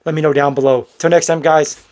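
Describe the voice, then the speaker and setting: A man's voice: a little high, little pitch movement, quick pace, a little mellow. A man talking straight to his viewers in a blunt, preachy vlog commentary, calling them bro. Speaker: vlogger. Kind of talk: direct-to-camera commentary.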